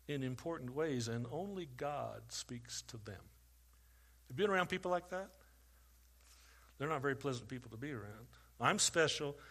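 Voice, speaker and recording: A pastor preaching a sermon. He rises loud for questions to the congregation and drops quiet for stories. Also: mid-range voice.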